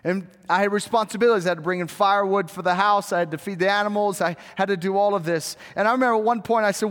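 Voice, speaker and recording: A man's voice: high-pitched, steady tone, fast talker, hardly any pauses, fairly bright tone. A man in his thirties, a pastor, preaching a sermon in a church, chatty and self-deprecating with story asides, rising to fervent appeals. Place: church sanctuary. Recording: long reverb of a large hall.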